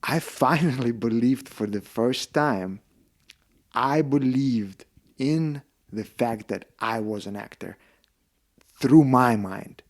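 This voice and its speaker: A man's voice: medium pitch, slow pace. A man with a Russian accent, a podcast guest telling stories and acting out the dialogue in them. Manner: animated, acts out dialogue in quoted voices. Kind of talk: casual storytelling interview.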